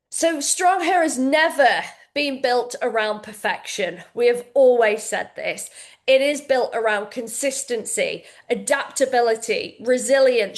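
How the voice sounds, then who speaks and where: A pregnant woman in her late thirties, a fitness coach talking frankly and casually to her community, swearing freely. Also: on the high side. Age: late 30s. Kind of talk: casual heartfelt talk to members.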